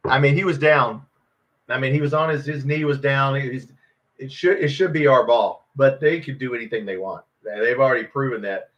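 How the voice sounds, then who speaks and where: Guy cussing at the game on a watch stream, kinda muffled low-fi audio. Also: moderate pace. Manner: frustrated, swearing, yelling at the game. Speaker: watch party host. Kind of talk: live game reaction.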